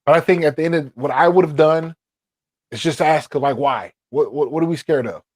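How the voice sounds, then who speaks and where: A man co-hosting a podcast, a father giving advice in casual chat, thoughtful and halting with many fillers. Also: fairly high pitch, dry recording.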